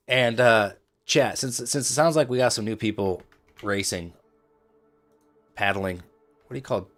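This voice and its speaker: Joking Midwestern man, slightly low voice. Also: unhurried, pauses often, a bit bright, faint music behind. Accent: neutral Midwestern. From Indianapolis, US Midwest. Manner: chatty, joking with chat, playful asides. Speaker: trading livestreamer. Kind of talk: casual livestream commentary.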